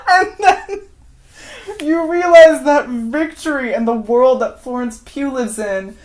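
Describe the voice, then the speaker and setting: A woman's voice: sits high, takes it slowly, darkish tone. A woman giving an unscripted, rambling movie recap, often laughing as she acts out scenes. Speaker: film commentator.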